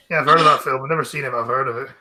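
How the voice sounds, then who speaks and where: A young man, cracking quick deadpan jokes in a casual voice chat. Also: mid-range voice, gravelly. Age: 20s.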